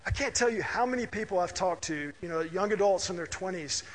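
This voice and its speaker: A man's voice: high-pitched, lively intonation, brisk. A middle-aged man from Mississippi preaching a conversational sermon, telling family stories and checking in with "right?". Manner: conversational, anecdotal, asks listeners "right?". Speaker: pastor. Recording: reverberant hall.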